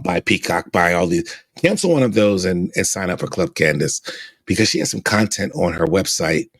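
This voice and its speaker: Low husky man hosting a podcast. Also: no echo. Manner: animated, stammering repeats when excited. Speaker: podcast host. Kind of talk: excited podcast commentary.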